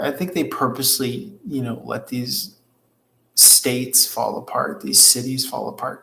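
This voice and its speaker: A man's voice: medium pitch, gravelly, fairly bright tone. A man hosting a tarot livestream, chatting casually and rambling, with frequent swearing as he reads out viewers' comments. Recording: roomy echo with faint ambience.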